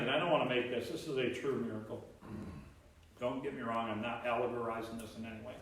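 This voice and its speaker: A man preaching a sermon as pastor, animated, acting out voices from the Bible story. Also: medium pitch. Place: church sanctuary. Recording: very echoey church, mic at distance.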